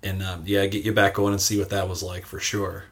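Hesitant man with a low voice. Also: flat delivery, brisk, fairly bright tone. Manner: hesitant, many filler sounds. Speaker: podcast host. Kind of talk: casual interview talk.

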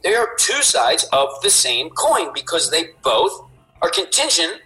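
A man's voice: on the high side, a little slow, faint music behind, rough recording. A man on a podcast as a guest, explaining movement with lots of emphasis, swearing and tag questions. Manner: animated, emphatic, swears, repeats "right?". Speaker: guest, fitness inventor.

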